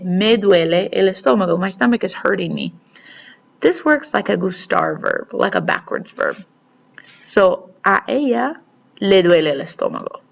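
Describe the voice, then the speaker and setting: A woman teaching Spanish in a relaxed recorded vocabulary lesson. She explains each point step by step in a chatty, easygoing way and checks in with her students as she goes. Her voice sits at a middle pitch for a woman. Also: highs cut off.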